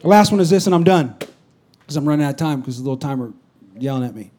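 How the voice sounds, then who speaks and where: A man preaching a conversational sermon as a pastor to a congregation, swinging from loud exhortation to quiet asides. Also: a little high, animated, fast. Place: church stage before a congregation.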